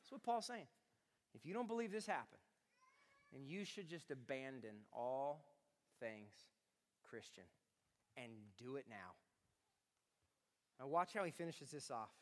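A man preaching a sermon to a congregation, swinging from quiet conversational talk to loud shouting. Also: medium pitch, very animated, measured pace, long pauses. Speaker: pastor. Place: large room with congregation. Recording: long hall reverb.

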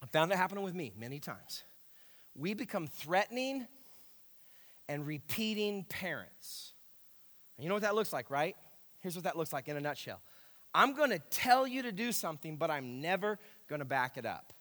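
Emphatic male pastor preaching, a high and lively voice, echoing hall. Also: moderate pace. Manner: animated, emphatic, repeats key phrases. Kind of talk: sermon. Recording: echoey hall.

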